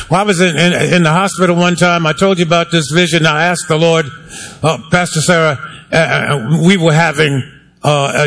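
A man's voice: on the high side, a bit bright. A male pastor preaching a sermon to his congregation in a wry, conversational way, asking for amens and hands raised. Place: church sanctuary.

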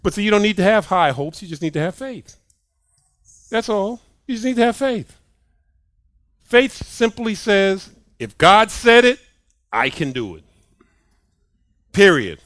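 A man preaching a sermon on a clip-on mic, emphatic and repetitive, swinging from soft asides to loud declarations. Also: sits high, very animated, a little slow, pauses often, dry recording. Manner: emphatic, punches points with "period" and repeats lines.

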